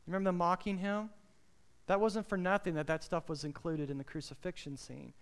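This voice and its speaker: A man preaching a sermon with an emphatic, direct delivery. He keeps turning to his listeners with rhetorical questions. His voice sits high and rings clear and smooth. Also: level tone, fairly quick.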